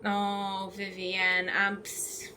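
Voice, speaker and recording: A woman's voice: mid-range voice, monotone, extremely slow, noisy background. A woman hosting a casual let's play, chatting enthusiastically over gameplay with plenty of fillers and restarts.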